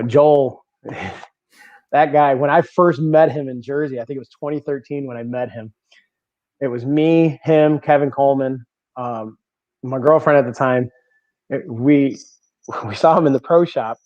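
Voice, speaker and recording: A man in a podcast interview tells stories in an animated way, laughing easily and doubling up words as he talks. His voice sits in a middling range. The audio is a bit dull and very dry. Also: medium pitch, no room sound. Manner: animated, laughing often, repeating words as he goes. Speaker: guest bowler. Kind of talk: casual storytelling in a podcast interview.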